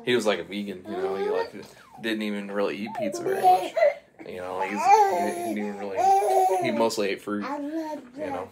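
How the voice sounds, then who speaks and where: A man rambling through an improvised silly story for a baby, chuckling along with a gravelly voice and a lively, swinging pitch. A noisy home recording sits behind him. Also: fairly quick.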